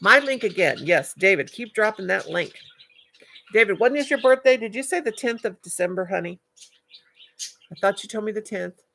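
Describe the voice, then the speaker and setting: Older woman, gravelly and bright, chatty live-stream host who calls everyone darling. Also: medium pitch, animated, moderate pace. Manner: chatty, affectionate, calls viewers darling and honey. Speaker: livestream host. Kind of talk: casual live-stream chat reading comments.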